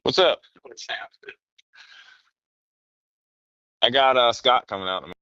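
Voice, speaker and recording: A man in casual podcast chat, telling rambling, animated stories and swearing often. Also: mid-range voice, moderate pace, dry recording, lo-fi sound.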